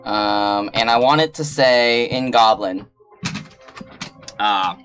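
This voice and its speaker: Hesitant player with a bright voice. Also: mid-range voice, slow pace, long pauses, faint music behind. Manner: hesitant, full of ums and uhs. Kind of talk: casual tabletop play.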